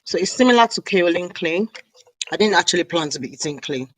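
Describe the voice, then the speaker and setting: Snacking as she rambles, a Nigerian woman from the South South region hosts a casual live stream as a hair care vlogger. She speaks fairly quickly in a lowish, lively voice with a breathy edge. The camera mic recording is rough but has no echo.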